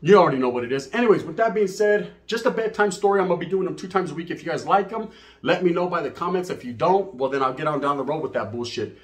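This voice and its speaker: Middle-aged guy telling a wild street story, cussing, tossing in spanish slang, kinda high voice. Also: fast talker. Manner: profane, streetwise, salts talk with Spanish slang; says "right?" and "you know what I mean?" often. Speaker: channel host telling a story. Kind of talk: casual storytelling monologue.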